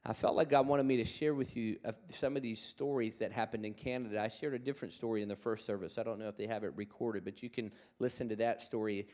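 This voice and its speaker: A man's voice: lowish voice, quick pace, hardly any pauses. A man preaching a sermon, telling stories with animation and calling on the congregation to respond. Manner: animated storytelling, acts out quoted voices. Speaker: guest preacher.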